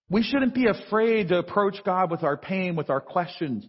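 Husky-voiced high preacher in a cathedral. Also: male voice, expressive, normal speed, hardly any pauses. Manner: conversational preaching, acting out Bible voices. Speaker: pastor. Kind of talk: sermon. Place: large cathedral. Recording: long church reverb, dull sound.

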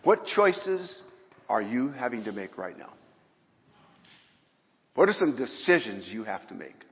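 A man's voice: fairly low pitch, very animated, measured pace. A man preaching a sermon in a folksy way, with bursts of rising emphasis. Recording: dull sound in a hall with long reverb.

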